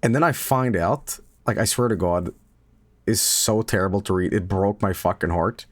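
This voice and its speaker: A man's voice: lowish voice, normal speed, no echo. A male streamer chatting casually late at night, swearing a lot, stumbling over his words and laughing often.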